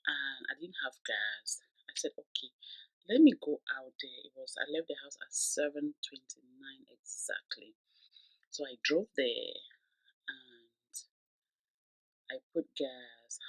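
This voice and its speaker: A woman's voice: extremely low pitch, sharp tone, no echo, rough recording. A woman telling a dramatic storytime tale to her viewers, chatty and sometimes dropping to a whisper. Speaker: vlogger. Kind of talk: storytime vlog.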